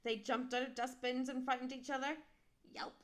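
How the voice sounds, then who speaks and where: Reading aloud from a picture book for kids, a woman brings the story to life with sound effects and questions for the little ones listening. Her voice sits high, and she keeps a moderate pace.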